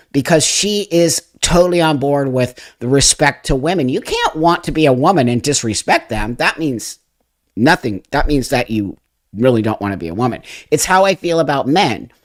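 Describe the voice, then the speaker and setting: A man chatting on a phone livestream in a blunt, emphatic way, speaking straight to his viewers. His voice sounds froggy and a little like helium. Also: a little high. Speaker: livestream host. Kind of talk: casual livestream chat, answering viewer comments.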